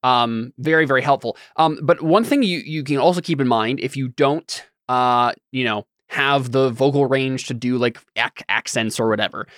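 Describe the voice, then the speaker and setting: A man's voice: mid-range voice, normal speed, hardly any pauses, a bit bright, dry recording. Man, podcast host, medium voice, easygoing, dry close mic. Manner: easygoing, lots of fillers and affirming "yeah". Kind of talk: casual podcast chat.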